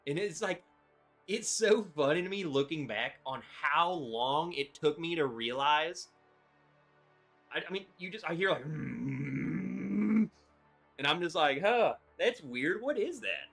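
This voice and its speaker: A man hosting a livestream, telling a story in an animated, excitable way with lots of "like"s. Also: on the high side, normal speed, faint music behind. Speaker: livestream host.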